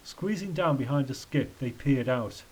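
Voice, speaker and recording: A man's voice: mid-range voice, lively intonation, normal speed, breathy edge, rough recording. A man reading a children's story aloud. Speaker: narrator.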